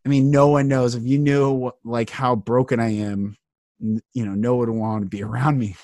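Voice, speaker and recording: Male podcast host, earnest and impassioned, mid-range pitch, dry recording. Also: little pitch movement, moderate pace, a little mellow, dry recording. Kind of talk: heartfelt podcast conversation.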